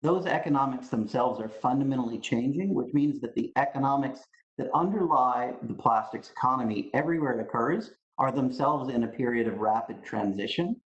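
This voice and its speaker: A man's voice: medium pitch, fairly quick, lo-fi sound. Emphatic man in an echoey room. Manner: firm, emphatic, argumentative. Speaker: panelist. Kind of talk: online panel discussion remarks.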